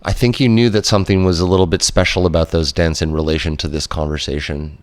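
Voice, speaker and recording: A man hosting a podcast interview, talking slowly and reflectively, gently affirming his guest. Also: low-pitched, fairly even intonation, dry recording, studio quality. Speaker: podcast host. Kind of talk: conversational interview.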